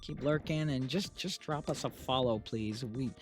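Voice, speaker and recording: A male streamer who runs an AI VTuber channel talks casually with his viewers in a mid-range voice at a normal speed. He rambles and vents, often restarting his sentences, while music plays under his talk.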